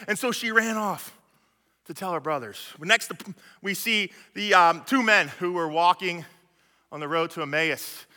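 A male preacher tells Bible stories in a relaxed, slangy way, often restarting his sentences. His voice sits high and sounds very bright. A long reverb fills the large church hall. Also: moderate pace. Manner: storytelling, with casual slang and frequent restarts. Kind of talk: sermon.

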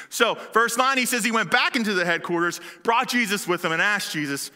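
A man preaches a sermon in an animated, conversational manner. His voice sits high with a sharply bright edge, and a long hall reverb trails his words. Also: quick pace, few pauses.

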